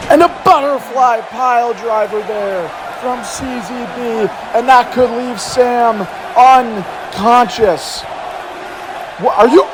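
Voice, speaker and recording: A man with a very high voice calls wrestling action in a loud, hyped commentary style, often breaking into shouts. A faint crowd roars behind him, with some faint noise under the voice. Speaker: play-by-play commentator. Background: video game crowd noise.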